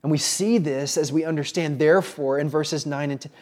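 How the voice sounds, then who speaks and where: A man preaching a sermon in an earnest way, often pausing and restarting. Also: fairly high pitch, steady tone, a little mellow. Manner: earnest, with frequent pauses and restarts. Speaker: pastor.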